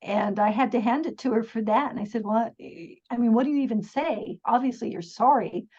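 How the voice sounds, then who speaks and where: A middle-aged woman with a slightly high, husky voice tells stories as a podcast guest. She talks earnestly and chattily, laughing often and restarting her sentences. The recording sounds dull and lo-fi. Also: fairly quick, darkish tone. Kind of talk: casual storytelling interview.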